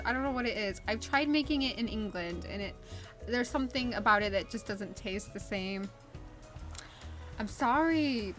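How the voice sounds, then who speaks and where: A woman's voice: on the high side, a bit bright. An American woman chatting casually while she streams a game, rambling, restarting her sentences and laughing often. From United States. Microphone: desk USB condenser mic.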